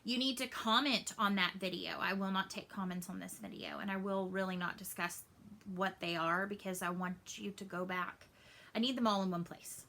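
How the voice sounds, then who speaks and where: A woman, chatting casually in a cross-stitch vlog update and telling stories with lively asides. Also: mid-range voice, normal speed, vocal fry. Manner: animated storytelling, acts out family voices.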